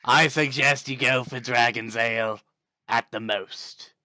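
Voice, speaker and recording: A man's voice: mid-range voice, steady tone, measured pace, pushed and bright, no room sound, studio quality. A man voicing a blustery old male dwarf shopkeeper who calls customers laddie in a tabletop game. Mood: gruff advice. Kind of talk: tabletop role-play voice acting.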